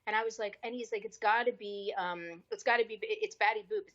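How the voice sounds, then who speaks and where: Lively woman telling an anecdote. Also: medium pitch, a little fast, muffled recording. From US East Coast. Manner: lively, acts out quoted dialogue with shifting voices. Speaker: actress, podcast guest. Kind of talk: casual storytelling interview.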